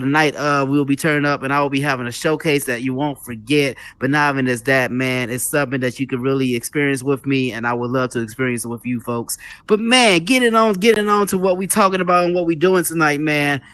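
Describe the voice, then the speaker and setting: Lively man hosting a live show, dry sound. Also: a little high, fairly quick, few pauses, clear, resonant tone, no room sound. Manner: animated, repetitive, preacher-like emphasis, calls the audience "folks". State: a little out of breath. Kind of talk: casual live show monologue.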